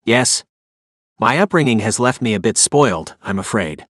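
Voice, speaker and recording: A man's voice: lowish voice, lively intonation, normal speed, a bit bright, no room sound, clean studio sound. A man voicing a spoiled, snooty rich young heir in an audiobook, with a sneering, haughty way of talking.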